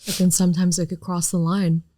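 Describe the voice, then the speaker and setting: Woman, podcast co-host, mellow low voice, dry close sound, relaxed talk. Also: a little fast, no room sound. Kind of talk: casual chat.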